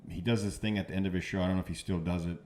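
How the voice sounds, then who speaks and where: A man with a low voice, guesting on a podcast as a comedian, shares stories casually. Words get repeated and his speech halts, but quoting others brings out a lively energy.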